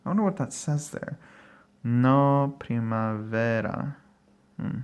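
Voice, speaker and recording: A man at home talks casually through a card deck, rambling and thinking aloud. He fills pauses with "uh" and "you know" and laughs briefly now and then. His voice sits at a middling pitch. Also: a little mellow. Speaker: tarot deck reviewer. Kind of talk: casual walkthrough talk. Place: at home, dog barking nearby.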